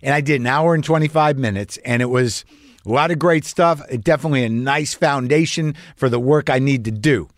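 A man's voice: medium pitch, a little fast, no echo. A man, a comedian and podcast host, telling a long story in a rambling, profane, self-questioning monologue.

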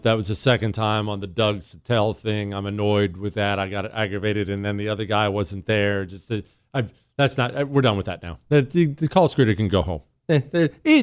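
A man's voice: mid-range voice, clean tone. A man hosting a talk radio show, blunt and sarcastic in his opinionated monologue.

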